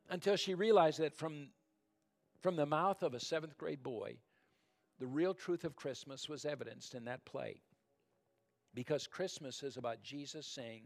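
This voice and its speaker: A man preaching a sermon as pastor, talking conversationally and speaking straight to the congregation, and dropping to a soft, hushed tone when calling for prayer. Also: mid-range voice, normal speed, creaky. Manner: conversational storytelling, addresses the congregation directly.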